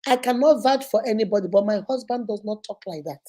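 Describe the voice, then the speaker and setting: A woman's voice: medium pitch, fast. A woman with a Nigerian accent who hosts her own vlog, telling a story and giving advice to her viewers, and acting out the characters' lines with energy. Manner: animated, acts out every character's lines; speaks straight to the viewers with warnings. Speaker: host.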